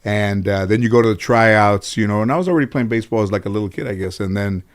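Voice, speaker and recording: A middle-aged talk show host from the Los Angeles area tells comic stories about his childhood in a low-ish voice at a quick pace. He's animated and swears freely.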